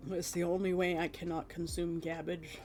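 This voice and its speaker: A woman in her thirties chatting casually with her stream viewers, animated and laughing often. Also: lowish voice, normal speed, faint music behind.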